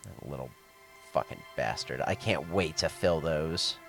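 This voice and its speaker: A man's voice: a bass voice, unhurried, gravelly, fairly bright tone, soft background music. A man giving casual gameplay commentary, chatting sarcastically to game characters and swearing freely. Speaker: let's play gamer.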